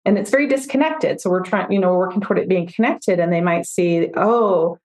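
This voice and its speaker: Woman therapist on a podcast, lowish voice, easygoing, explains stuff with little client stories. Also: animated, quick pace, darkish tone, reverberant. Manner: reflective, explains with examples and quoted client voices. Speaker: financial therapist guest. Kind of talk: conversational podcast interview.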